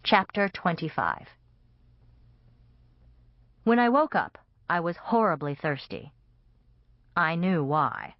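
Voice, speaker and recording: A woman with a lowish, very animated voice narrates a comic vampire novel in first person as an audiobook, with a wry storytelling manner. She takes it slowly with long pauses, and the recording is dull and dry with no echo.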